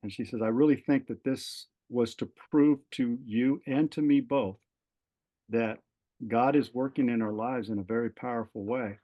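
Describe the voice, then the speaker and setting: Here's a retired fire captain, middle-aged and from California, sharing his own story on a podcast. The recording sounds muffled and his voice is mid-range at a moderate pace. He performs the quoted lines lively, stumbling through many fillers and restarts as he goes.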